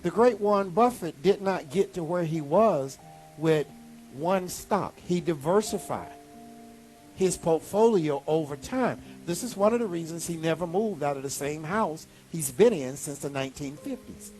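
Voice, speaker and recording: Pastor guy preaching animated, voice jumps way up, soft music under it. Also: normal speed. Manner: animated preaching with sudden high exclamations. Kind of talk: sermon.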